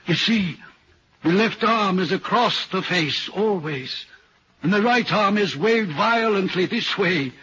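A man's voice: high-pitched, expressive, takes it slowly, background noise. An actor playing a troubled railway signalman in an old radio drama, earnestly recounting a ghostly sighting. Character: haunted, uneasy male railway signalman. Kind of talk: 1940s radio acting. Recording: dull old radio recording.

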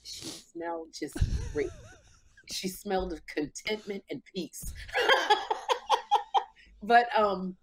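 A woman in her fifties hosting a talk show, telling stories in an animated, emotional way. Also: medium pitch, slow pace, vocal fry, husky. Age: 50s. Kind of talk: casual podcast chat.

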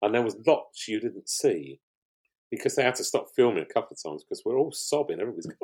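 A man's voice: mid-range voice, very animated, fast, darkish tone, slightly rough. An older man, a guest on a podcast, telling stories in a rambling, conversational way with frequent restarts. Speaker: guest, pottery show finalist.

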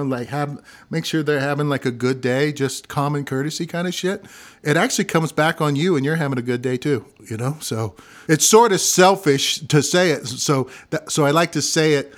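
A man from Missouri with a gravelly voice and a slight country twang in his Midwestern speech, chatting loosely and laughing often. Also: on the high side, moderate pace. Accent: Midwestern American with a slight country twang. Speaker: guest singer-songwriter. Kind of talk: casual conversation.

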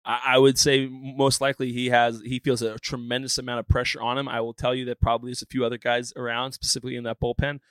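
Fast-talking ex-ballplayer man. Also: mid-range voice, flat delivery, fairly bright tone, clear, resonant tone, no room sound. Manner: emphatic, lots of uh fillers, swearing. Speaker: former pro ballplayer, podcast co-host. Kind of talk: casual sports podcast chat.

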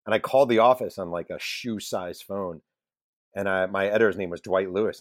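Man, very deep voice, dry close sound, casual interview guest, animated self-deprecating storyteller. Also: no room sound. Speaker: guest journalist and author.

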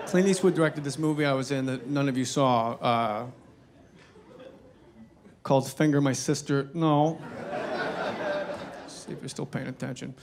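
A man doing stand-up comedy, telling animated, profane, self-mocking stories to a live audience. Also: mid-range voice, unhurried, long pauses, noisy background. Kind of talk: stand-up storytelling. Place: stage before a live audience. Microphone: wearing a microphone. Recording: live stand-up with faint crowd.

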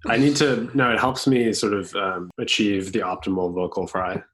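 Deadpan man with a very low voice. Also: moderate pace. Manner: dry, deadpan. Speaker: podcast co-host. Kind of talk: casual chat.

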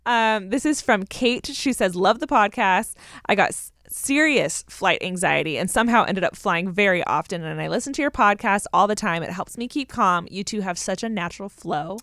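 A woman co-hosting a casual podcast, reading listener messages aloud in a relaxed, chatty way. Her voice sits at an ordinary middle pitch. The sound is dry and close, with no room around it. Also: normal speed, no echo. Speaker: podcast co-host. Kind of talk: casual chat.

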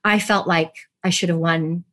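A woman's voice: lowish voice, fairly even intonation, moderate pace, fairly bright tone. A woman who is an actress and podcast guest, telling stories animatedly in a casual interview, laughing and acting out quotes.

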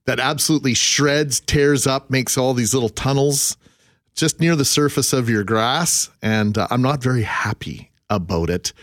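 A man's voice: medium pitch, normal speed, fairly bright tone, no echo, studio quality. A man co-hosting a morning radio show, making wisecracks and laughing at his own jokes. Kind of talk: casual radio banter.

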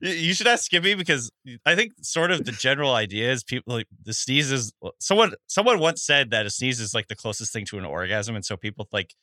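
A man's voice: mid-range voice, very animated, brisk, hardly any pauses, sharp tone, no echo. A man co-hosting a casual podcast chat, laughing often and swearing freely. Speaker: podcast co-host.

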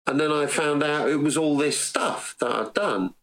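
A man's voice: fairly high pitch, moderate pace, fairly bright tone, low-quality recording. Man telling a rambling anecdote. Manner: rambling anecdotes, acts out quoted dialogue. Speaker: podcast guest, recording engineer. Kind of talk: casual storytelling interview.

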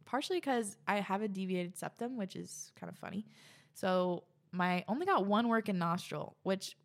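A woman's voice: mid-range voice, expressive, moderate pace. A young woman hosting a podcast, reading listener messages and reacting in a gushing, chatty way, often out of breath. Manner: gushing, chatty, many fillers. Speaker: podcast host.

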